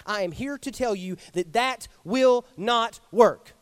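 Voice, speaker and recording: In a church sanctuary, a preacher with a mid-range voice delivers an emphatic Sunday sermon slowly, with no echo. The delivery is animated, and the preacher acts out the lines being quoted.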